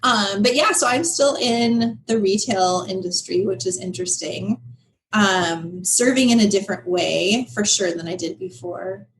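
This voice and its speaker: A woman's voice: medium pitch, slight background noise, rough recording. Candid woman guest, laughing often. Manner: candid, animated, laughs often, quick asides. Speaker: guest, business founder. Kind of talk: casual interview conversation.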